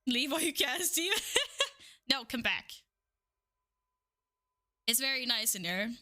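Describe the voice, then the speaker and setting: Giggly high-voiced woman streamer. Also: very animated, slow pace, sharp tone. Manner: giggly, swears casually, reacts to chat. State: out of breath. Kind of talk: casual live-stream chat.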